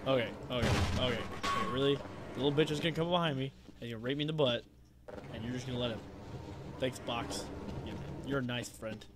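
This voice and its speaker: A man giving let's play commentary, swearing and yelling at enemies with sarcastic asides. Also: medium pitch, fast talker, very noisy. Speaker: gamer.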